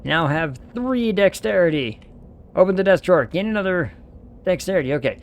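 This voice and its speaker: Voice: medium pitch, lively intonation, normal speed, slight background noise. A streamer casually playing a video game on a live stream, playful and reading the game's text aloud.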